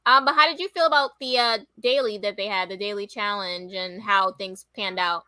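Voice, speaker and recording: A woman co-hosting a casual reality-show review chat, giving her opinions in a measured way. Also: medium pitch, sharp tone, no room sound. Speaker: co-host.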